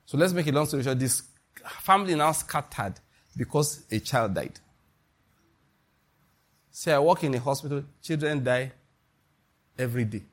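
A man with a Nigerian accent preaching a sermon as a pastor, animated and emphatic, with sudden high rises on key points. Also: normal speed, pauses often.

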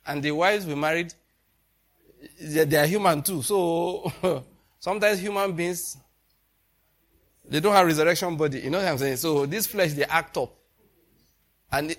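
A man preaching a sermon in a loose, conversational way, often breaking into laughter as he tells stories. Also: a little high. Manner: laughs often, chuckling storyteller. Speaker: pastor.

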